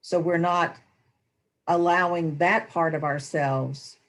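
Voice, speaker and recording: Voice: medium pitch, steady tone, takes it slowly, a bit bright. A speaker in a reflective spiritual discussion, thoughtful and explanatory. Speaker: discussion panelist.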